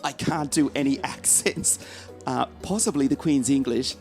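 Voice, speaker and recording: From the commentary box, a man calls a karting race live, rattling off drivers and teams and trading jokes with his co-commentator. His mid-range voice moves at a moderate pace, with faint music in the background.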